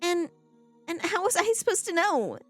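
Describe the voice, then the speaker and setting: A woman's voice: extremely high pitch, very animated, moderate pace, dry recording, soft background music, voice pushed up. A woman voicing a dreamy, scatterbrained young artist in a game, with French words dropped into her speech. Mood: earnest.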